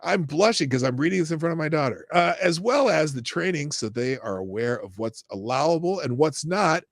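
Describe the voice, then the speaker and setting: A middle-aged male host reads news and viewer chat on a live stream, mocking what he reads. His voice sits a little high and swings widely, and he often bursts into shouted rants. The sound is dry and close. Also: lively intonation, fairly quick, few pauses, no echo.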